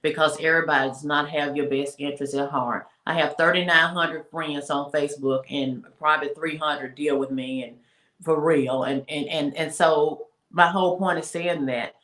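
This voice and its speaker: Low-voiced woman giving emphatic faith talk. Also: steady tone, a bit bright. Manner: emphatic, preachy, repeats phrases and slows down for emphasis. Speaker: speaker and women's mentor on a talk show. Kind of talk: casual faith-based talk. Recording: roomy echo.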